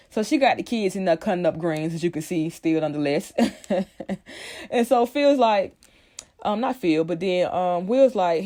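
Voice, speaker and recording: A woman's voice: lowish voice, lively intonation, moderate pace, mellow. A woman vlogger giving a casual, profanity-laced recap of a TV episode, talking animatedly with lots of fillers.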